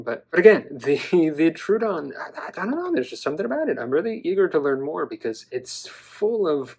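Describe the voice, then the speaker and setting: A man casually reviewing collectible dinosaur toys in a chatty, enthusiastic, playful way. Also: mid-range voice. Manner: enthusiastic, chatty, playful, with some stammering restarts. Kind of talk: casual toy review vlog.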